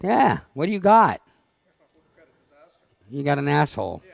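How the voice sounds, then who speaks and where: Male seminar leader, high-pitched and gravelly, blunt and needling with his audience. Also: wildly swooping pitch, a little slow, no echo. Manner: blunt, teasing, fires questions at the audience. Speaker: dog trainer leading a seminar. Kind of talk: live seminar talk to an audience. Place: seminar room.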